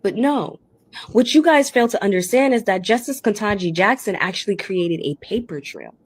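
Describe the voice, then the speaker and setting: A woman's voice: medium pitch, animated, normal speed, slightly rough. A woman giving emphatic political commentary, telling it like a story.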